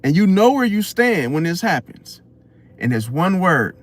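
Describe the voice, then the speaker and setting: A man's voice: sits high, big pitch swings, measured pace, no echo. A man hosting an astrology channel, giving an unscripted motivational talk full of rhetorical questions and repeated "see?". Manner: preachy, rhetorical questions, keeps saying "see?".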